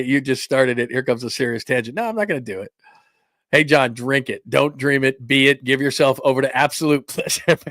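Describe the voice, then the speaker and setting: A man's voice: mid-range voice, a bit bright, dry recording, clean studio sound. A man hosting a casual sports talk show, chatting with viewers in a rambling, self-interrupting way.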